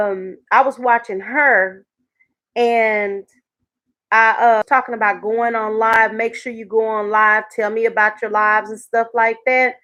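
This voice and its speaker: A woman talks casually to her viewers on a live stream. Her voice sits fairly high, and she laughs often between thoughts. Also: a bit bright. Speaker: YouTube live host.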